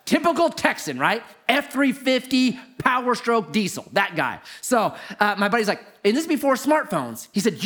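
Animated pastor with a swooping voice. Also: male voice, moderate pace, hardly any pauses. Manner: animated storytelling, swoops from high to low. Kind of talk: sermon.

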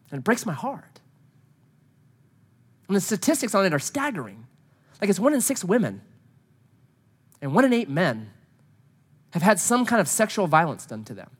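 A husky-voiced married man shares a personal story in a sermon, speaking at a moderate pace with long pauses and big swings in pitch. He is earnest, dropping to quiet, low tones and then rising to insistent pleas before the gathering.

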